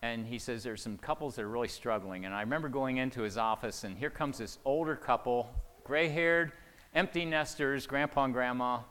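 A man's voice: mid-range voice, a little fast, clean tone. Man preaching in a reverberant hall. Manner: swings between hushed asides and loud emphatic preaching. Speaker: pastor. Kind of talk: sermon with storytelling. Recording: long reverb of a large hall.

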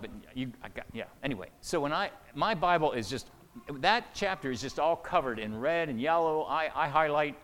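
A man preaching a sermon, telling a story, swinging between hushed asides and loud, emphatic lines. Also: on the high side, slight background noise. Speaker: pastor. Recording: long reverb of a large hall.

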